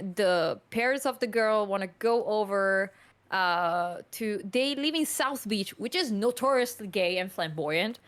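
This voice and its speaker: A woman chatting casually on a podcast about films, animated and rambling, with lots of "like". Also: mid-range voice. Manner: animated, rambling, heavy use of "like".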